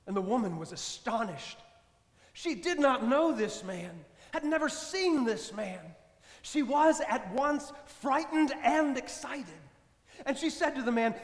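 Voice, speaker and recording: High-voiced priest preaching in echoey church. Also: male voice, sing-song. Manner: slow, measured storytelling with soft dramatic drops. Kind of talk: sermon told as a story. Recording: echoey church with long reverb.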